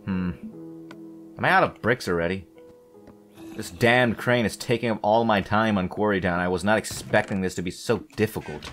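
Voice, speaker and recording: A man with a fairly low voice chats casually while he plays, wandering off topic and poking fun at himself. He stumbles and restarts his sentences as he thinks aloud, with soft music playing underneath. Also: fairly even intonation, normal speed. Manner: meandering, self-deprecating, hesitant restarts. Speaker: gameplay commentator. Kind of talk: casual rambling let's-play commentary.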